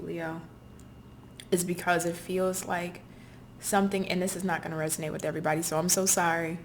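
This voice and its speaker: A woman's voice: on the low side, a little hiss or hum. A woman giving a heartfelt tarot reading, earnest and apologetic, circling back to repeat her phrases. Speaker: tarot reader. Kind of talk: intuitive tarot reading to camera.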